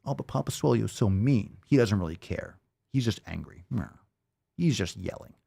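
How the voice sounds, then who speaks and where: A man's voice: lowish voice, expressive, moderate pace, vocal fry, warm tone, breathy edge, heavily acted. A man putting on the mocking, muttered voice of a sulky critic. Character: sulky online critic mumbling complaints.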